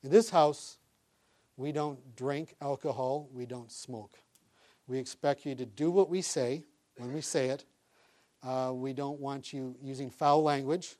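A man voicing a strict middle-aged father who lays down house rules in a firm, measured way. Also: medium pitch, fairly even intonation, dark tone, close to an everyday voice.

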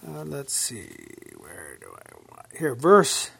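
A man's voice: medium pitch, wildly swooping pitch, slow pace, gravelly, a bit bright, husky. A man preaching in a church, reading scripture aloud and stressing points with repeated words and questions to the congregation. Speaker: pastor. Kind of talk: sermon.

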